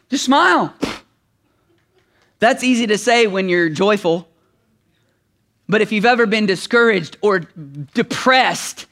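High-voiced man preaching a sermon. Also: creaky. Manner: swings from shouting to hushed, intimate delivery. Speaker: pastor.

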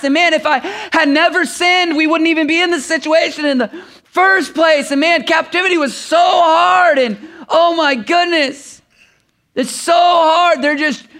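A man preaching a sermon as a pastor, swinging from shouted emphasis to hushed, intimate passages. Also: extremely high pitch.

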